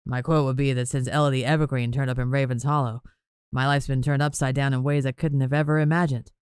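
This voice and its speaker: A teasing young romantic lead with a low, soft voice, as a woman reads him. He speaks close and tender in a dry, deep storybook tone. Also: little pitch movement, fast, smooth, no room sound. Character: young man, teasing, tender love interest.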